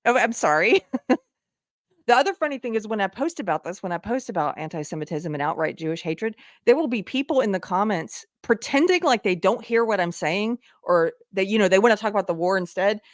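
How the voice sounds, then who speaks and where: A woman's voice: medium pitch, lively intonation, fast talker, hardly any pauses, no room sound, studio quality. A woman hosting a live online commentary show, talking in an impassioned way that climbs into exasperated outbursts. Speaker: show host.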